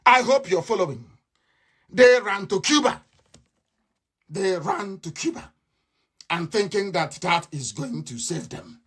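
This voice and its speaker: A man's voice: high-pitched, expressive, measured pace, long pauses, a bit bright, breathy edge. A man giving a live radio broadcast monologue, fiery and scornful, repeating his points.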